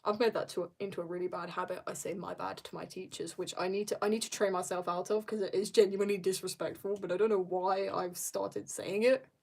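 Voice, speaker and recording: A woman's voice: medium pitch, steady tone, brisk, creaky, few pauses, a little mellow. A teenage girl chatting casually on a drawing livestream, rambling and laughing at herself as she tells stories. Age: teens. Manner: rambling, self-mocking, giggly storytelling. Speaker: streamer.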